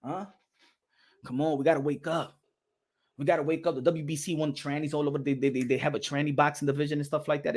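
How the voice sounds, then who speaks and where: Animated, laughing man ranting on boxing. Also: on the high side, brisk, breathy edge. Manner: animated, laughs often, slangy, drops Spanish phrases. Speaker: boxing channel host. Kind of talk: casual rambling commentary.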